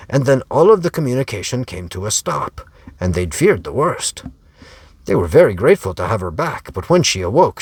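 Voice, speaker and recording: A man's voice: on the low side, breathy edge, no echo. A man as an author reading his own serial novel aloud, narrating in a wry storytelling way. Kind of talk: audiobook narration.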